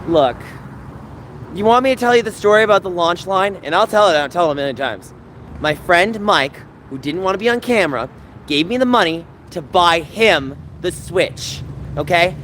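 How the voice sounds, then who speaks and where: A man's voice: high voice, animated, moderate pace, fairly bright tone, slight background noise, poor audio. A man hosting a casual livestream, talking to chat by name and turning confrontational as he defends himself. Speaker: livestream host.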